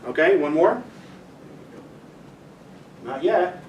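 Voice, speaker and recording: A man's voice: a little high, expressive, drawn-out words, highs cut off. A man giving an informal astronomy lecture to a club, chatty, directing helpers through a demonstration and joking with the audience. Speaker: physics teacher giving a club talk. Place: meeting room with an audience. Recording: echoey room, mic far off, faint noise.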